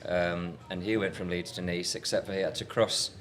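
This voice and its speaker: A man's voice: low voice, little pitch movement, normal speed, fairly bright tone. A man co-hosting a live podcast, chatty and self-deprecating. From Yorkshire, England. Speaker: podcast co-host. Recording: faint ambient noise, live event.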